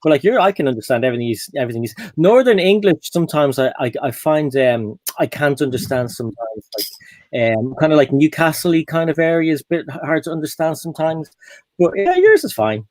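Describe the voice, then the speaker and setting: A man's voice: fairly high pitch, big pitch swings, fairly quick, a little mellow, no echo. Easygoing man on a dry call. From Ireland. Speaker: stream guest. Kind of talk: casual chat.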